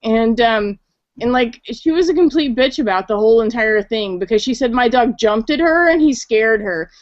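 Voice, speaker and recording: Woman guest, higher than average, casual and profane, lo-fi dry call audio. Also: expressive, moderate pace, dry recording. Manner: chatty, swearing, lots of filler 'like'. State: tipsy. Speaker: guest on a call-in chat show. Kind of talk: casual storytelling.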